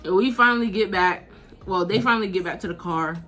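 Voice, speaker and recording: A 19-year-old woman vlogger telling a casual, slangy storytime, animated and laughing as she goes. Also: mid-range voice, brisk.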